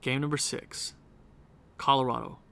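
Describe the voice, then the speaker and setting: This young gaming video creator gives casual commentary on his hockey video game at home late at night, pleading with his team in exasperation. His medium-pitched voice carries vocal fry, with a steady tone and measured pace. Background noise can be heard.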